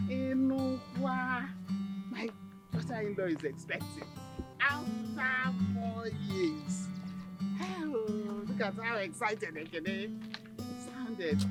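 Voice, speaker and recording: An actress with a Nigerian accent playing an excitable, devout older village mother on a phone call, soon to be a grandmother. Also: medium pitch, very slow, loud music behind the voice. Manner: exclamatory, breaks into praise and cries. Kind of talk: film acting.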